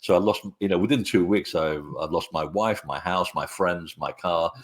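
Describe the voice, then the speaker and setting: Deep-voiced man telling stories. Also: moderate pace. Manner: rambling, hesitant with frequent fillers. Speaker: author guest. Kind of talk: conversational storytelling interview.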